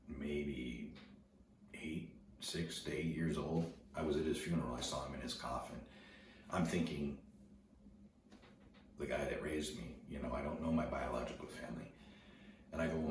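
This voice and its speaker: A middle-aged man telling a personal story in a halting way, often repeating words as he recalls events. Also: extremely low pitch. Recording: very echoey room, distant mic, noticeable background noise.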